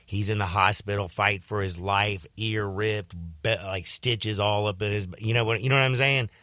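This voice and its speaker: Bright-toned man telling a story. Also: fairly low pitch, normal speed, dry recording. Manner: animated, jumps into voices when quoting people. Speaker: radio sports show host. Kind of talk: casual storytelling chat.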